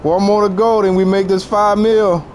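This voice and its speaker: A man's voice: high voice, level tone, moderate pace, darkish tone, slight background noise. A man in his forties with a Southern US accent, chatting casually with his viewers while streaming a game and laughing often. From Louisiana. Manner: laid-back, laughs often, talks to chat. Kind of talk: casual chat while gaming.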